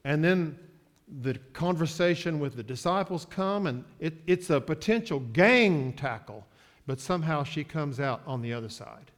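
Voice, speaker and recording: A man preaching a sermon, moving from quiet asides to loud, drawn-out declarations. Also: fairly high pitch, lively intonation. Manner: slow, emphatic preaching with sports metaphors; swings from soft asides to loud, stretched-out declarations. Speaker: pastor.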